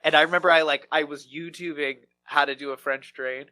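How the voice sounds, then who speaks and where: Bright-voiced man telling a comic story. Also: a little high, fairly quick. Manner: rambling, animated, laughs often. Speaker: podcast guest, comedy writer. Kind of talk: casual conversation, comic storytelling.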